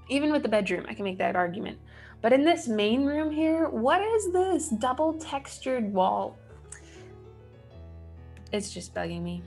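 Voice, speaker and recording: A woman, likely in her thirties, giving casual let's play commentary, talking to herself with wry asides as she builds. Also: on the high side. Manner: chatty, wry self-talk while building. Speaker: gaming channel host.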